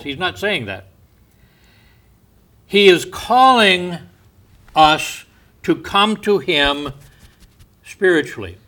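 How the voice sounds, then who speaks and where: A man preaching a sermon in a slow, deliberate way, going soft and quiet on quoted words. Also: fairly high pitch.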